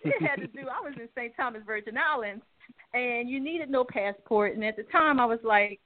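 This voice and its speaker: A woman guest on a talk radio show, telling stories in a chatty, laughing way, stretching some words out slowly. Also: on the high side. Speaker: guest, music company head. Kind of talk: casual radio chat. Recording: phone-line audio.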